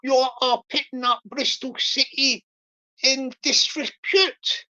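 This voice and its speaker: A woman hosting a livestream, rambling and repeating herself as she mock-scolds and gives shout-outs. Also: high voice, steady tone, slow pace, muffled recording. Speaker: livestream host.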